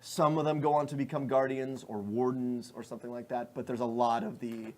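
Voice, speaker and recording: A man's voice: mid-range voice, fairly even intonation, brisk, darkish tone. A man narrating as game master of a tabletop role-playing game, rambling with many fillers.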